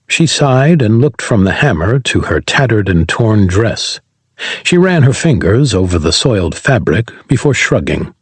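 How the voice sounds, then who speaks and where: A man's voice: fairly low pitch, sing-song, unhurried, breathy edge, dry recording. A man narrating a science fiction audiobook and voicing every character himself.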